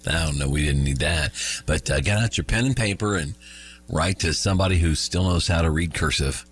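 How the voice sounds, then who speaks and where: A man's voice: low voice, a little fast, soft background music. A man in his fifties hosting a radio show, reading news items with jokes and chuckling at his own lines. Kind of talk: morning radio chat and news.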